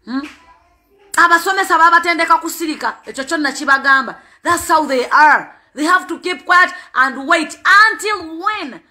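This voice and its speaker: A Ugandan woman speaks as a parent with urgent, emphatic conviction, often repeating her words to drive a point home. Her voice sits very high and rings brightly. She moves freely between two languages as she speaks. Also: moderate pace. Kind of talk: impassioned spoken appeal.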